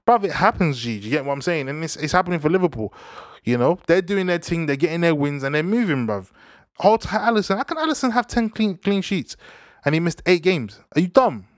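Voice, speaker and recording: A young man, giving casual football banter in an animated, slang-heavy way. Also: on the high side, brisk, no echo, clean studio sound. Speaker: football vlogger.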